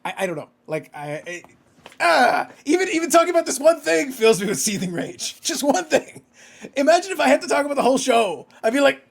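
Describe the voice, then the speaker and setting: A man's voice: very high-pitched, very animated, fairly quick, vocal fry. A man co-hosting a casual podcast, ranting with exasperation and swearing freely. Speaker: podcast co-host.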